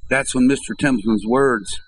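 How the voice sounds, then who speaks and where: A man preaching a sermon in church, telling a story and then building to impassioned, shouted appeals to the congregation. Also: medium pitch, normal speed, rough recording.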